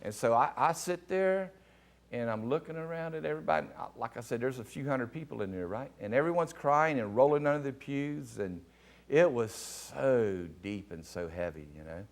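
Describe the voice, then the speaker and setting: A middle-aged pastor telling a personal testimony in a sermon, animated and excitable, with a gravelly voice. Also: male voice, moderate pace. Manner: animated storyteller, rising to excited high pitch at climaxes. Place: television studio.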